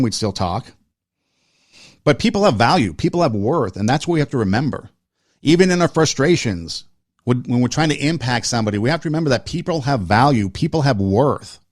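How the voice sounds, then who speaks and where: A man's voice: mid-range voice, no echo, studio quality. A man hosting a podcast, telling a personal story in casual talk, earnest and repeating phrases for emphasis. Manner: talks in short listing phrases. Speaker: podcast host.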